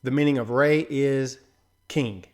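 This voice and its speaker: A man's voice: medium pitch, measured pace. A man hosting a casual commentary video, talking loosely and conversationally with frequent filler asides. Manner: loose and conversational, fills with "right?" and "you know". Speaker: host. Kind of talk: casual commentary on a film trailer.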